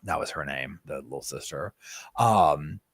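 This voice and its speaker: A man, hosting a casual live chat from home and telling animated stories full of fillers and asides. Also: rumbling low, a little slow, breathy edge, no echo, clean studio sound. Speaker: live stream host.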